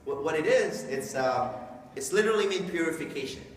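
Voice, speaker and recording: A man's voice: fairly high pitch, expressive, brisk. Joking man speaking in an echoey hall. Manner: joking, conversational, acts out quoted voices. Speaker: speaker explaining Islam to an audience. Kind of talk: informal talk to a live audience. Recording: echoey hall from a distant mic.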